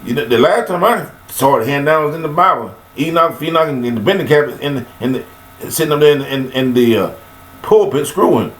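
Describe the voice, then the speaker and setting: A man giving a rambling, preachy monologue about forgiveness, recorded on a webcam, with sudden high-pitched bursts of emphasis. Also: lively intonation, a little fast, reverberant, poor audio.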